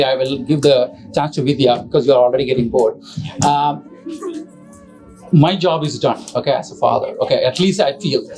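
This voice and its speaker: A man's voice: fairly high pitch, darkish tone, rough recording. A middle-aged man speaking as father of the bride at an engagement party, rambling and joking with the guests. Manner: rambling, joking, self-correcting, with asides to the audience. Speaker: father of the bride giving a speech. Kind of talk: informal speech at an engagement party.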